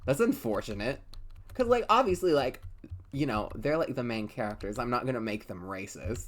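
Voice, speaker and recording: Sing-song and very deep, this let's play host's voice moves at a moderate pace. She gives laid-back, meandering commentary on her gameplay, curses freely, and leans heavily on "like" and "you know."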